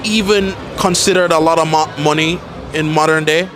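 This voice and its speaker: A man's voice: a little high, fairly even intonation, moderate pace, music in the background. A man interviewing people on the street with short, blunt questions.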